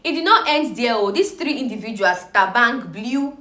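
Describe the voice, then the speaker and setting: A woman chattily recapping reality TV gossip, animated and exclaiming. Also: fairly high pitch, moderate pace, roomy sound, a crowd in the background.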